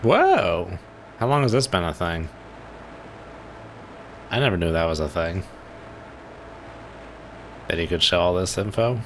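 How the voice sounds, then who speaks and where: A man's voice: deep voice, sing-song, unhurried, long pauses, fairly bright tone, a little hiss or hum. A man streaming a naval game, musing aloud in casual commentary. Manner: laid-back, musing aloud.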